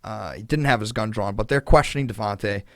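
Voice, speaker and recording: A man's voice: on the low side, a little fast, gravelly, fairly bright tone, no room sound. A man hosting a podcast, telling a story in casual chat with a lot of fillers, indignant and swearing freely. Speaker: podcast host.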